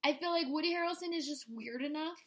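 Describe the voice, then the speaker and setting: A high-pitched woman co-hosting a podcast, chatting casually. Her voice is bright and forceful, and she talks in an animated way, laughing often. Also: fast talker. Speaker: podcast co-host. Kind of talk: casual chat.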